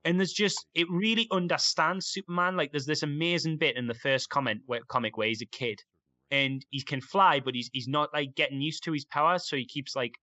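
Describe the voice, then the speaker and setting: A man's voice: fairly high pitch, a little fast, bright, forceful tone, no echo, lo-fi sound. A young man chatting casually and enthusiastically, rambling with lots of fillers. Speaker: podcast guest. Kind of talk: casual chat.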